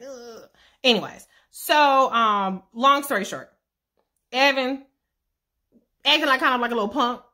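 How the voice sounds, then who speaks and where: A woman's voice: fairly high pitch, pushed and bright. A woman casually recapping a TV series with profane, sassy asides. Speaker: show recap vlogger.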